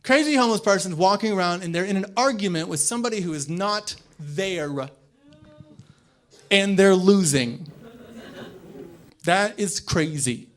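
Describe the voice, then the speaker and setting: A young man from the American South performs a stand-up set in a comedy club, talking quickly in a high-pitched voice. He acts out voices and breaks into sudden loud bursts.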